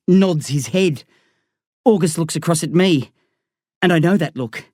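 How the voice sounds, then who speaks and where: Give me a woman narrating a story slowly and tensely, lowish voice. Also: a little mellow, no echo, studio quality. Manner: slow, tense, dramatic reading. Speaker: audiobook narrator. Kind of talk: scripted first-person narration.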